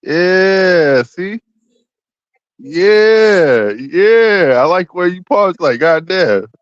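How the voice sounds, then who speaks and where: A man's voice: high voice, expressive, drawn-out words, no room sound, muffled recording. A man in crude, joking casual chat, co-hosting a podcast. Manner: profane, joking, loose. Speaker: podcast co-host.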